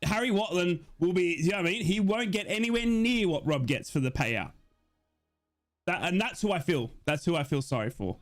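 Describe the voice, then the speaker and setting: A man hosting a football watch-along stream, casually chatting and reading out viewer messages in a rambling, excitable way. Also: sits high, moderate pace, soft background music.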